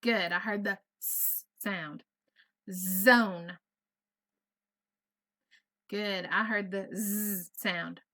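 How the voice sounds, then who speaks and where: Slow, patient woman teaching phonics. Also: medium pitch, steady tone, sharp tone. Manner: patient, encouraging, over-enunciates sounds. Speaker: first grade teacher. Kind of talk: slow, clear online phonics lesson. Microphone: computer mic on a video lesson.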